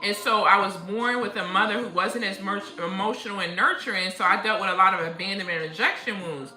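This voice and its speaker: This spiritual livestream host talks fast in a medium-pitched voice, keeping things casual with stories and frequent bursts of laughter. Her manner is animated, and the echoey room has faint music in the background.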